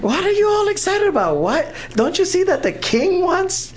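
A preacher voicing a group of young women who mock a friend's devotion with disbelief, in a shrill and quick delivery. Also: sing-song. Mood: incredulous.

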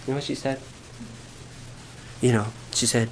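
A man preaching a sermon, shifting from quiet storytelling to rising, fervent preaching. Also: medium pitch, steady tone, moderate pace, a little hiss or hum, low-quality recording. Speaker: pastor.

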